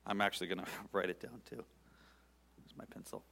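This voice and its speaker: Deep voiced guy preaching, talks easy with the crowd, big echoey church. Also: fairly even intonation, vocal fry, bright, forceful tone. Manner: earnest, pausing, conversational with the congregation. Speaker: pastor. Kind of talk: sermon. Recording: long hall reverb.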